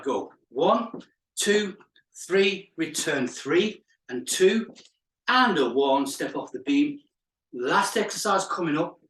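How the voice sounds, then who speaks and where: A male fitness instructor leading a live exercise class, counting reps aloud with chatty asides and laughing at his own jokes. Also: a little high. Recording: echoey room, mic far off.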